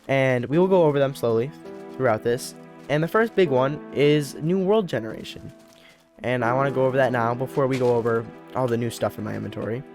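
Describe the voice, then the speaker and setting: A man's voice: mid-range voice, fairly quick, darkish tone, faint music behind. A young man narrating his gameplay casually, rambling and often correcting himself mid-sentence. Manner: rambling, self-correcting, repeats words. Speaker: let's play host.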